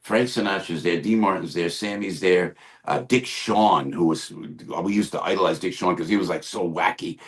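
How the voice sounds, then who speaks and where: An older comedian with a low, deep voice spins a lively anecdote as a podcast guest. He talks in quick bursts with restarts and sudden impressions. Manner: animated anecdote teller, slips into impressions. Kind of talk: storytelling interview.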